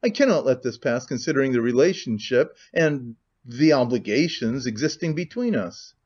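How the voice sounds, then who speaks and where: A pompous, huffy middle-aged gentleman, put on by a man reading a novel aloud lectures in a sententious, offended tone. The voice sits somewhat high. The recording is dull and lo-fi. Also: animated, moderate pace, natural voice.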